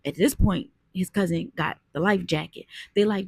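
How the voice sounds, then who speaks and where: A woman's voice: on the low side, normal speed, creaky, slightly rough, no echo, clean studio sound. A woman telling a personal story in an earnest, conversational way, talking straight to her viewers. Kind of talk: casual storytime monologue.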